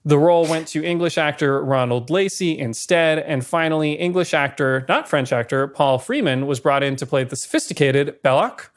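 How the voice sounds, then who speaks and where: Male podcast co-host, slightly high voice, brisk and dry, running through trivia. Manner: brisk, reads from notes with dry asides. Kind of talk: casual film-history chat.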